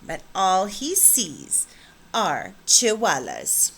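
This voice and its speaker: A woman's voice: medium pitch, huge pitch swings, drawn-out words, vocal fry, a bit bright, slightly rough, heavily acted. A woman voicing three teasing little girl kittens in a sing-song way during a storybook reading.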